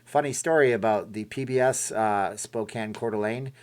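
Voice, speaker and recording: A man's voice: on the low side, normal speed. A middle-aged man from Canada hosting a casual live stream, reading and answering chat in a rambling way and often correcting himself.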